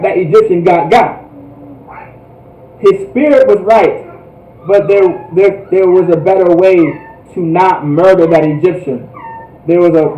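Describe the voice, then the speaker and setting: A high-pitched man with a mellow, dark tone leads a scripture class, pressing each point again and again and asking if everyone follows. He sounds set back from the mic in an echoey room, with faint ambient noise underneath. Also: far from the mic. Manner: emphatic, repetitive, keeps asking if listeners understand. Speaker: religious class teacher. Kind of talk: street-style scripture teaching. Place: indoor room, livestreamed class.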